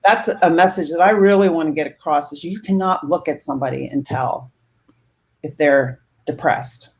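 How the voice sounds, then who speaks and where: Low-voiced woman podcaster. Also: normal speed, a little mellow. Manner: earnest, emphatic. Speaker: podcaster guest. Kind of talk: casual panel talk.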